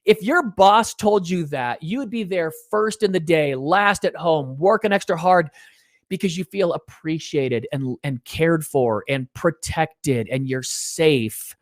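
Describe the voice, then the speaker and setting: A middle-aged man giving an interview, telling stories in an earnest, animated way and dropping low to make a point. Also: a little slow, dry recording, studio quality. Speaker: interview guest, parenting author.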